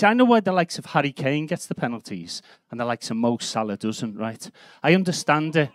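A man's voice: mid-range voice, sing-song, fairly quick, few pauses, dry recording. A man in his fifties from Liverpool with a Scouse accent, doing a live stand-up set in a comedy club with a brash, sweary, punchy delivery. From Liverpool, England. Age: 50s.

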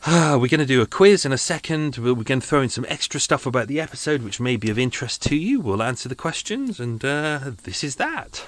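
British male podcast host, casual self-mocking chat, lively up-and-down delivery, dry close sound. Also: medium pitch, a little fast, few pauses, no room sound. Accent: British English. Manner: chatty, self-mocking, rambling asides. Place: home studio.

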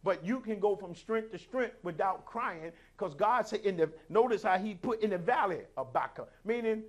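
A high-pitched man preaching a sermon from the pulpit. He swings between sudden shouts and soft, hushed lines, dropping in hallelujahs as he goes. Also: animated, moderate pace, hardly any pauses. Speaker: pastor.

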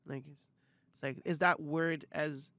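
A man's voice: fairly high pitch, steady tone, a little slow, sharp tone, dry recording. A young man, co-hosting a casual podcast and arguing his point at length. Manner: reasoned arguing, frequent affirming murmurs. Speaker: podcast co-host.

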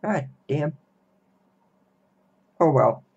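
A young man ranting slowly and repetitively in a reaction video. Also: a little high, animated, creaky, darkish tone, husky. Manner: slow, repetitive, grumbling. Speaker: vlogger. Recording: dull lo-fi recording.

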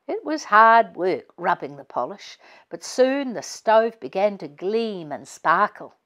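A woman author reading her family storybook aloud in a gentle, expressive way. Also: mid-range voice, measured pace. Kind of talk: children's storybook read-aloud.

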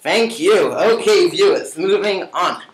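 A cocky, carefree young roommate brags and mocks in a boastful patter, as a young man puts him on. The voice sits a bit high for a man, and the home room around him rings with echo. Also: expressive, slow, a little hiss or hum. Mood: mocking. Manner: mocking, boastful, repeats a catchphrase. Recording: echoey room.

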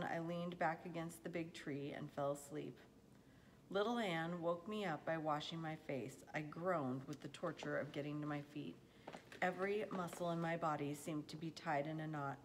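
A woman reading a novel aloud in an unhurried storybook manner, now and then stumbling and correcting herself. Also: deep voice, a little hiss or hum. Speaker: reader.

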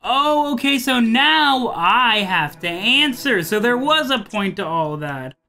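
A man commentating a horror game let's play, chatty, thinking out loud and often breaking off his own sentences. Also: very high voice, very animated, slow pace, creaky. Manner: thinks aloud, chatty and self-interrupting.

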